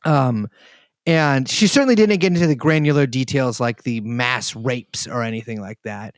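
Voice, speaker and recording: A man's voice: mid-range voice, moderate pace, no echo. A man co-hosting a podcast, rambling wryly with lots of fillers in casual chat. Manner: rambling, many fillers, wry. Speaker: podcast co-host.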